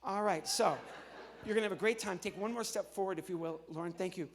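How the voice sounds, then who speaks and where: A man's voice: high-pitched, slight background noise. A man from New Jersey, a ventriloquist and comedian, cheerfully coaching volunteers on a church stage. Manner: upbeat, coaxing, gives quick instructions to volunteers. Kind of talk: live comedy stage show. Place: church stage before an audience.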